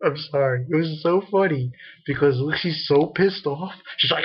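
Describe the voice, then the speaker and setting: A man giving a casual spoken recap of an anime episode, excitable and rambling, often laughing and restarting his sentences. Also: a little high, normal speed, husky, dull audio.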